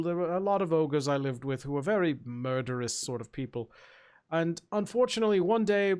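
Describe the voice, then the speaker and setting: A man voicing a gentle, refined male ogre who speaks politely and softly. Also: fairly high pitch, natural voice. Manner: polite, genteel, soft-spoken.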